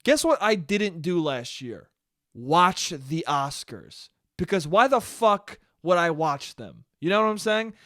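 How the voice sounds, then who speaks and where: A young man hosting his own podcast, ranting alone in a casual, profane, animated way and calling listeners "dude.". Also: high voice, unhurried, no echo, studio quality. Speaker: podcast host. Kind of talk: solo podcast rant. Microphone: studio mic he checks the levels on.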